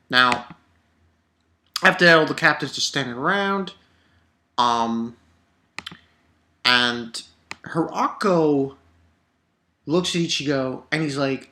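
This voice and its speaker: A man reviewing a comic chapter in a casual vlog, talking in an excitable, rambling way and swearing often. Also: mid-range voice, slight background noise.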